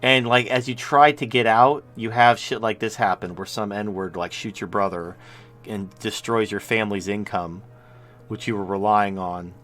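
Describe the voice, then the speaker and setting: A man's voice: fairly low pitch, steady tone, moderate pace, fairly bright tone. Blunt, rambling male stream host. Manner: rambling, blunt, with frequent restarts. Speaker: show host. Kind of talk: casual live-stream commentary.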